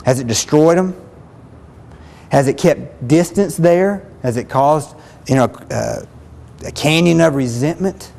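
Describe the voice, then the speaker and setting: A man's voice: on the high side, a little slow, creaky, long pauses, a little mellow, in a large hall. A man giving a spoken self-help lesson as a relationship counselor, earnest and plain-spoken, often repeating himself.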